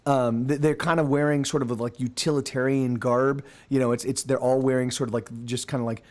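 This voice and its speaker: Guy running a d&d style game, rambly, keeps restarting sentences, middle-pitched voice. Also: level tone, fairly quick, a little mellow. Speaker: game master. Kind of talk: narrating a tabletop game.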